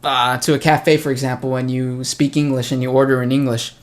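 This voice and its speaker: A young American man who hosts a language-learning channel chats casually with a friend, his mid-range voice level in tone and a little fast. He tells stories in a chatty way and acts out the people he quotes.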